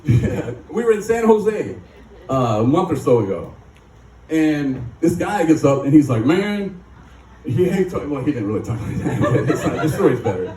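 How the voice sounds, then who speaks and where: A man from Michigan with a fairly high, very animated, warm voice tells his recovery story on a live rally stage at a normal speed, joking, rambling and laughing often. The mic is distant, so the recording sounds echoey and off-mic.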